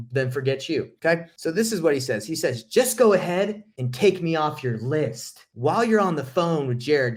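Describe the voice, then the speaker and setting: A man coaching on real estate wholesaling, telling a story to camera in a blunt, slangy, heated way. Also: on the high side.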